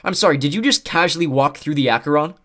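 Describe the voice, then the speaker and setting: A man's voice: on the high side, expressive, fast, a bit bright, pitched above the performer's own voice. A man doing an exasperated teen boy. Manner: exasperated, sarcastic. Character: exasperated teenage demigod boy.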